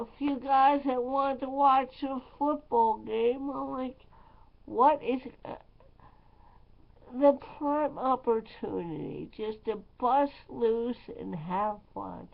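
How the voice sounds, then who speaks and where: A woman's voice: a little high, vocal fry. A woman DJ talking in a casual vlog, rambling and emphatic with lots of fillers. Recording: slightly dull lo-fi sound.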